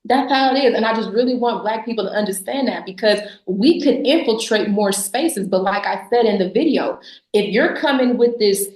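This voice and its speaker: A woman's voice: medium pitch, moderate pace, a little mellow. A woman guest on a podcast, talking bluntly and sarcastically with lots of emphasis and frequent laughs. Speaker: podcast guest, business founder. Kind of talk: casual interview talk. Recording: echoey room.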